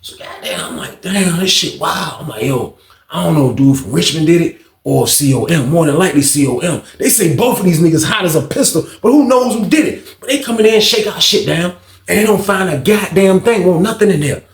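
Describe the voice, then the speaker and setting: Fairly high-pitched and brisk, with reverb, this storyteller and channel host recounts a prison episode in profane, casual storytime style, animatedly acting out other people's words.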